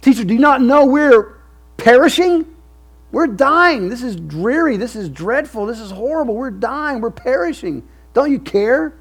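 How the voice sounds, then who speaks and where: Brief: a male preacher voicing a storm-tossed disciple, desperate, high, loud shouts. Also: animated, normal speed, slightly rough, exaggerated voice. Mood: panicked.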